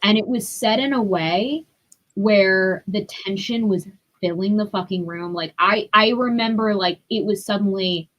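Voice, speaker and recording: A young adult woman, a podcast guest, telling her story in a candid, profane and animated way. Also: medium pitch, a little slow, rough recording. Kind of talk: casual storytelling.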